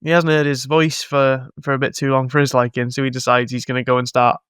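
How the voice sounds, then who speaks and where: A man hosting a casual film review podcast, sweary and animated, often laughing and acting out lines. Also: mid-range voice, fast talker, clear, resonant tone, no echo, clean studio sound. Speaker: podcast host.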